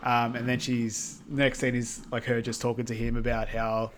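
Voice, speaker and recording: A man's voice: mid-range voice, completely flat delivery, normal speed, a bit bright, a little hiss or hum. A man co-hosting a podcast, casually recapping a film with many ums and quoted lines. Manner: rambling, lots of ums and likes, quotes characters. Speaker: podcast co-host.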